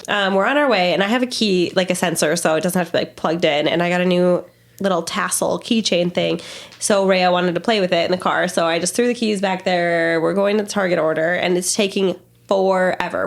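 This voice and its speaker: A woman's voice: on the low side, vocal fry. A woman co-hosting a podcast in casual chat, telling funny family stories as a mother of toddlers and laughing often as she talks. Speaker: podcast co-host.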